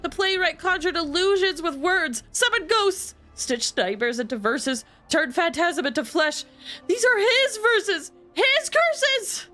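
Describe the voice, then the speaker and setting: A woman voicing a theatrical game character who declaims dramatically, building to loud cries. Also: extremely high pitch, lively intonation, unhurried, faint music behind, pitched above the performer's own voice, exaggerated voice. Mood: dramatic.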